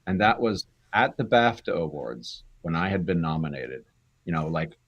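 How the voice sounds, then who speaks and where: An older man with a low, husky voice tells long, rambling stories about his acting life. He is casual and self-deprecating, often winding back on himself mid-sentence. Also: big pitch swings, normal speed, a bit bright, muffled recording. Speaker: guest actor. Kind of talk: casual interview chat.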